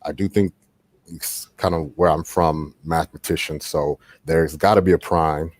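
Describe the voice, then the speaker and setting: A man calling in to a live talk show, speaking in a measured, thoughtful way with a few hesitant fillers. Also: extremely low pitch, fairly even intonation, no echo. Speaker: caller. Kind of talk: call-in comment.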